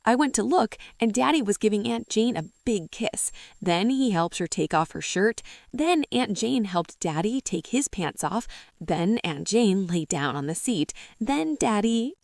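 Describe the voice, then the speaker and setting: A woman voicing an excited little boy who tumbles through a breathless, run-on telling. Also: mid-range voice, measured pace, creaky, no room sound, clean studio sound.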